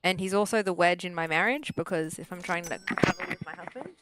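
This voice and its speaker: A woman's voice: lowish voice, fairly quick, very noisy. A young adult woman chatting casually while streaming a relaxing game, playful and rambling, often breaking off to coo at her dog. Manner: makes sing-song beeping sounds while scanning items. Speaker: streamer and therapist. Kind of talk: casual gameplay chat. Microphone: desk microphone.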